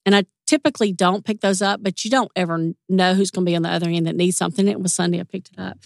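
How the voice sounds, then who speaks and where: A woman sits for a relaxed interview, recounting memories in a chatty, warm manner. Her voice sits a little low. The sound is dry and close. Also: rapid-fire, gravelly, no echo. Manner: warm, chatty, animated when retelling. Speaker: interview guest. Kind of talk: casual storytelling interview.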